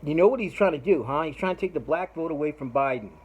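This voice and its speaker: A man's voice: a little high, expressive, quick pace, breathy edge, low-quality recording. Profane rambling man telling a story. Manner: profane, rambling, laughs while retelling. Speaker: podcast host. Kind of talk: casual storytelling monologue.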